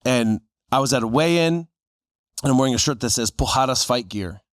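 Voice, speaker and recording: A man's voice: medium pitch, animated, brisk, dry recording, clean studio sound. A man in his forties, a podcast co-host, telling stories casually and acting out the voices of people he quotes. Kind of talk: casual storytelling chat.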